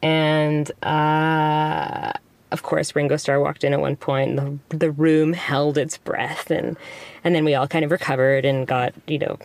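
A woman's voice: low-pitched, flat delivery, measured pace, darkish tone, dry recording. A middle-aged woman telling a story in a casual chat, chatty and self-deprecating, laughing often. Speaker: guest.

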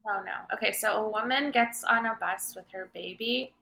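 A woman's voice: medium pitch, creaky, pushed and bright. A woman guest on a comedy podcast, hesitant and laughing a lot in casual chat. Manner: slow, hesitant, laughing often.

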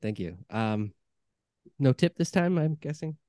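A man's voice: medium pitch, lively intonation, unhurried, warm tone, no echo, studio quality. Man with goofy, eager improv patter. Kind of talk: improv comedy scene.

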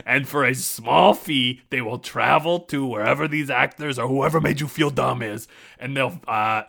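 A man riffing in improvised comedy banter, excitable and prone to loud outbursts. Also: mid-range voice, moderate pace, creaky.

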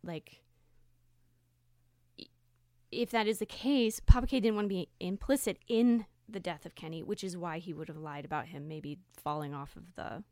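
A woman co-hosting a casual podcast, her voice sitting somewhat low. She muses and thinks aloud at an easy pace. The recording is dry and close. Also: normal speed, no room sound. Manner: relaxed, musing, thinks aloud. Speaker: podcast co-host, moderator.

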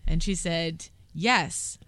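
A woman hosting a podcast, chatting casually and telling lively stories. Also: fairly low pitch, takes it slowly, dry recording. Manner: chatty, excitable storytelling with laughs. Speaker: podcast host. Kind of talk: casual interview chat.

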